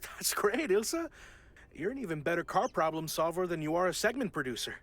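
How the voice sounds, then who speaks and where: An actor playing a young, good-natured TV sound tech who sounds a bit sheepish and eager to please. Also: male voice, high-pitched, big pitch swings, fairly quick, fairly bright tone, exaggerated voice.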